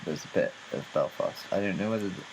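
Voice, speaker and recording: A man's voice: sits low, lively intonation, quick pace, slight background noise, rough recording. A man co-hosting a casual comedy podcast, talking in a playful way and jumping into silly bits. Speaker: podcast co-host.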